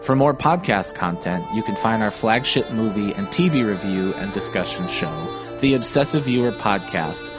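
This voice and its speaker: A man reading a scripted podcast outro in a steady, read-aloud way. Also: lowish voice, moderate pace, hardly any pauses, over loud music. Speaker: podcast announcer.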